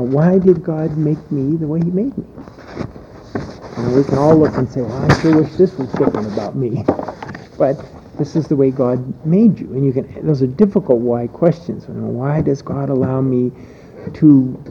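A man preaching a sermon in a loose, conversational manner, full of fillers and restarts. His voice sits at an ordinary middle pitch. The recording is a little dull, with a faint hiss underneath.

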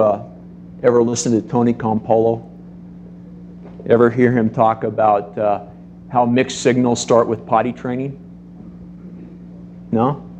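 A middle-aged man preaching a sermon to a congregation, telling stories in a lively way and acting out the voices in them. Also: medium pitch, slight background noise. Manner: animated storytelling, acts out voices. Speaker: pastor.

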